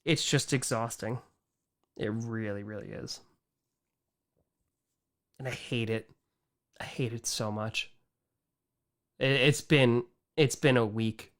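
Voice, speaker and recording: A man's voice: mid-range voice, slow pace, long pauses. Exasperated man ranting on a live stream. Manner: animated, exasperated, trails off and repeats himself.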